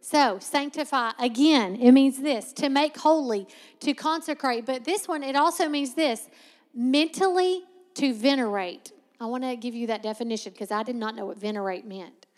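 A woman preaching a sermon as a Bible teacher, conversational but emphatic and slowing sharply to stress key words. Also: high-pitched, in a large hall.

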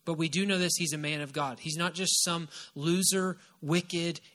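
Bright-voiced emphatic male preacher. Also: on the high side, steady tone, normal speed. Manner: emphatic and repetitive, stressing key phrases. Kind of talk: sermon, retelling a Bible story.

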